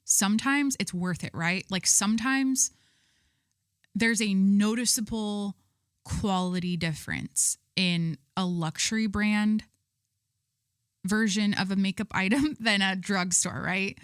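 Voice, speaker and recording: A woman's voice: medium pitch, slow pace, smooth, dry recording, studio quality. A young woman hosting her own podcast, telling stories in a rambling, chatty way full of fillers. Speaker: podcast host. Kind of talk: casual chat.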